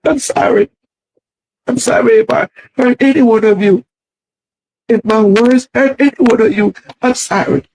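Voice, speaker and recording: A woman's voice: on the high side, normal speed, darkish tone, low-quality recording. A woman making a tearful, pleading apology video, played inside a commentary.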